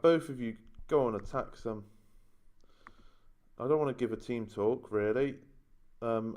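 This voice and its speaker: A man's voice: lowish voice, a little mellow, clear, resonant tone. Exasperated man moaning over a game. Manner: moaning, exasperated running commentary. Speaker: gaming YouTuber. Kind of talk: casual let's-play commentary.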